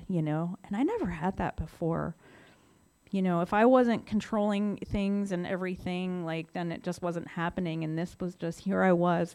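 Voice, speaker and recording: A woman's voice: lowish voice, gravelly, darkish tone. A middle-aged woman candidly telling her sobriety story in a casual, conversational way, with many fillers. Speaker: speaker sharing her story. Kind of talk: recovery testimony, casual storytelling.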